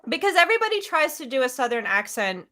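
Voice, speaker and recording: Bright, eager woman chatting about films. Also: high voice, very animated, quick pace. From lives in the American South. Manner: enthusiastic, restarts and laughs often. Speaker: panelist on a film discussion stream. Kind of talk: casual chat.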